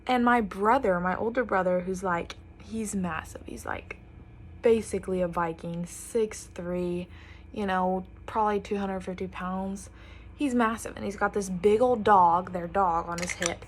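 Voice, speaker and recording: A woman's voice: medium pitch, steady tone, measured pace. A young woman telling a chatty storytime while getting ready, animatedly quoting others. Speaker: vlogger.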